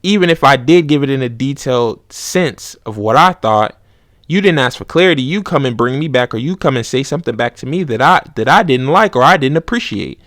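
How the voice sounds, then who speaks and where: Young male podcast host, mid-pitched, slangy and loose, dry close mic. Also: animated, fairly quick, hardly any pauses, a bit bright, dry recording. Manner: conversational, street slang, acts out both sides of arguments. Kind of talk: casual monologue.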